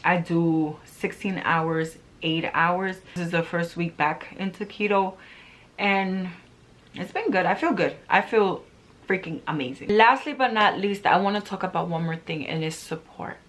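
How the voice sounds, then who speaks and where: A woman's voice: fairly low pitch, a little slow, fairly bright tone. A middle-aged woman vlogger talking casually and earnestly to her viewers, driving points home by repeating them. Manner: earnest, emphatic, repeats phrases for emphasis. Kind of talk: casual motivational talk to camera.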